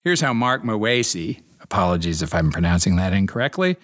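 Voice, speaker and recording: A man's voice: sits low, sing-song, a little fast, fairly bright tone. A man hosting a solo history podcast, reading from notes with dry asides to regular listeners. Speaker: podcast host.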